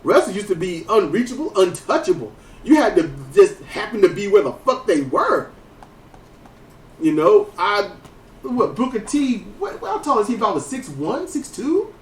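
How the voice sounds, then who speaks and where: A man hosting a casual wrestling podcast, telling stories in a lively way, with frequent swearing and restarted sentences. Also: sits high, normal speed. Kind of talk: casual commentary chat. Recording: roomy, distant mic.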